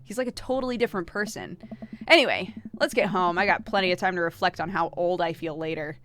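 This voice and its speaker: A young woman streaming a game in casual chat, animated, laughing often and swearing freely. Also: lowish voice, fast talker. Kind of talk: casual live-stream chat while gaming.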